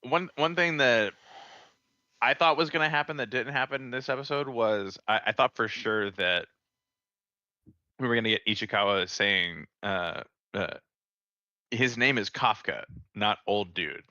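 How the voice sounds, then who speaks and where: A man's voice: medium pitch, moderate pace, clear, resonant tone, no echo, lo-fi sound. A man from Texas with a neutral American accent, co-hosting a casual podcast, curious and prone to restarts. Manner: animated, curious, with stumbling restarts and swearing. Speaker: podcast co-host. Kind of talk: casual anime recap chat.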